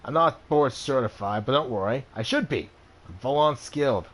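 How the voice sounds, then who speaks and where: A man voicing a boisterous, hungover, middle-aged male back-alley cyber doctor in a video game. He talks brashly and jokingly, and he stays loud. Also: mid-range voice, expressive, normal speed.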